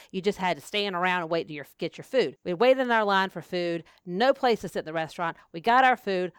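A woman in her forties hosting a podcast, telling stories in a lively, casual way and laughing often. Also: mid-range voice, smooth, no echo, studio quality. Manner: animated storyteller, laughs often. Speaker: podcast host, speech therapist.

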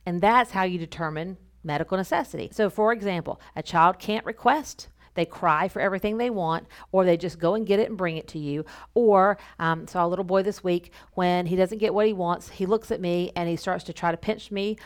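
A woman's voice: fairly low pitch, a little fast, few pauses, clear, resonant tone. A woman speech therapist explaining clinical paperwork in a casual, instructional podcast talk, repeating her key points.

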